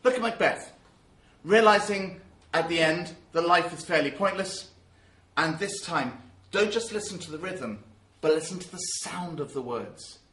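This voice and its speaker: A man teaching about verse in a lively, emphatic way. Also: on the high side, unhurried, roomy sound. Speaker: drama teacher. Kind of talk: spoken lesson.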